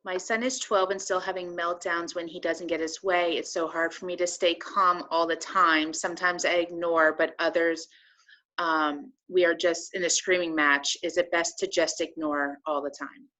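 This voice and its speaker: Low bright-toned woman moderating a webinar. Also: flat delivery, moderate pace, low-quality recording. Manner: affirming, short agreements, reads audience questions.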